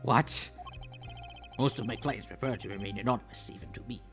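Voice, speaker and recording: A man doing a hushed Russian-accented forger. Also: a little fast, over music, natural voice. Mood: sly. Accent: put-on Russian. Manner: low, mumbling, hushed. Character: quiet sly male forger with a Russian accent. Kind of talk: reading game dialogue aloud.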